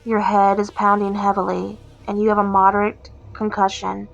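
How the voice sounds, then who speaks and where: A woman narrating an immersive second-person story in a slow, descriptive way. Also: medium pitch, completely flat delivery, creaky. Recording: slightly muffled with soft music.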